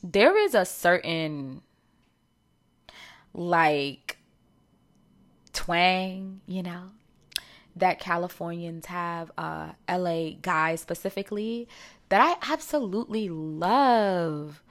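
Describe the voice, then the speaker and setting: A woman's voice: on the low side, takes it slowly, pauses often. A woman in her thirties from New York with a New York accent, hosting a podcast in a chatty, slangy way with lots of fillers. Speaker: podcast host. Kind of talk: casual solo chat.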